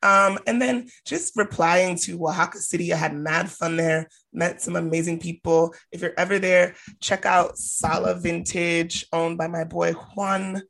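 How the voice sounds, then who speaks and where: Husky woman telling stories, casual. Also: lowish voice, unhurried, hardly any pauses. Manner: animated, profane, acts out quoted people. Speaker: podcast co-host. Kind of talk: casual chat, storytelling.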